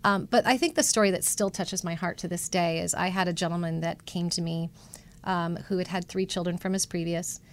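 A woman's voice: fairly low pitch, brisk. A middle-aged woman, a matchmaker guest, telling a story with feeling and acting out the people she quotes. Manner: animated, emotional storyteller acting out quoted voices. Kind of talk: conversational storytelling interview.

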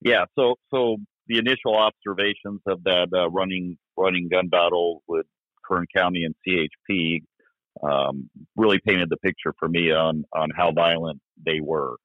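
A man, a former police officer, recounting events in an interview, halting with many fillers and restarts. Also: low-pitched, fairly even intonation, dry recording. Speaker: retired police officer guest. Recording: dry, tinny phone-like line.

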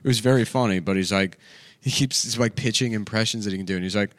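A man's voice: on the low side, fast talker. A man co-hosting a podcast in casual banter, wry and needling. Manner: wry, needling, lively delivery. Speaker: podcast co-host.

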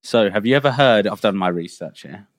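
A man's voice: fairly low pitch, lively intonation, fairly quick, no echo, studio quality. A man co-hosting a casual podcast, telling a rambling story and checking in with "right?" as he goes. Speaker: podcast co-host.

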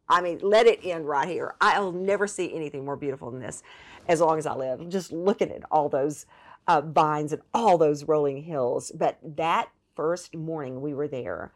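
Woman, podcast guest, low voice, animated storytelling, expressive. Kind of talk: storytelling in conversation.

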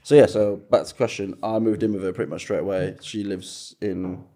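A man in his twenties from Wales, a podcast guest chatting casually and telling stories quickly with lots of restarts. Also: low voice, fairly even intonation, dark tone. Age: 20s. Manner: rapid rambling storytelling with restarts. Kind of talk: casual chat.

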